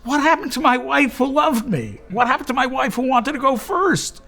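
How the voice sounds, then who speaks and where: Guy putting on a dying husband, spiteful and defiant, voice jumps way up high and loud, really indignant. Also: expressive, moderate pace, creaky, full character voice. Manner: indignant, raised, emphatic.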